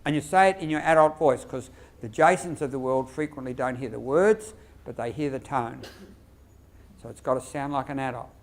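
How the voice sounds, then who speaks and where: A man with an Australian accent giving a lively workshop lecture to teachers, quizzing the audience and acting out classroom phrases. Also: mid-range voice, moderate pace. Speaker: lecturer on behaviour management.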